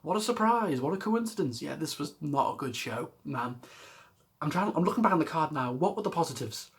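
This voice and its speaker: A man's voice: fairly high pitch, animated, fairly quick. A man rambling through a casual wrestling reaction vlog, exasperated, swearing and laughing often. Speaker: wrestling vlogger.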